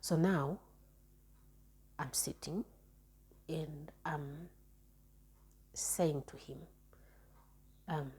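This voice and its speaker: A woman's voice: low-pitched, steady tone, drawn-out words, pauses often, dark tone, husky. A young woman telling a personal relationship story in a chatty, frank way, often restarting and repeating words. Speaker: storytime vlogger. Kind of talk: casual storytelling monologue.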